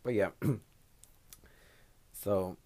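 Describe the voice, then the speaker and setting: A man's voice: sits low, drawn-out words, darkish tone. A man hosting his own podcast in a casual solo monologue, a native Spanish speaker talking in English, giving blunt, profane, rambling advice. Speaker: podcast host.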